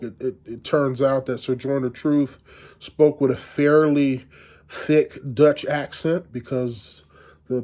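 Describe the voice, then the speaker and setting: A middle-aged man giving a university lecture in a conversational, halting way, with frequent restarts and fillers. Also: mid-range voice, mellow.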